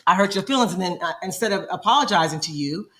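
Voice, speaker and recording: A woman's voice: on the low side, animated, fast, a bit bright. A woman co-hosting a casual marriage podcast, speaking earnestly and hesitantly with many fillers. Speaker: podcast co-host. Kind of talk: casual chat.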